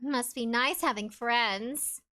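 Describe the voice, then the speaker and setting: A woman's voice: on the high side, slow pace, sharp tone, pitched below the performer's own voice. A woman voicing a snarky, bitter teenage girl with a dry, sarcastic delivery while reading game dialogue. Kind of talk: video game voice-over reading.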